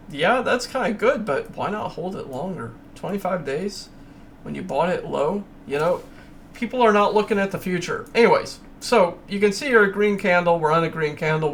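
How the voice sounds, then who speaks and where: A slightly high, gravelly male voice hosts a crypto channel, with a little background noise. He casually screen-shares price charts and talks through them emphatically, ranting along the way.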